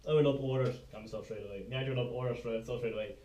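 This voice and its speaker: Fast-talking young man. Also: medium pitch, steady tone, dark tone. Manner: quick, laughing banter with slang. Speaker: podcast co-host. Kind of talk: casual chat. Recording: echoey room, mic far off.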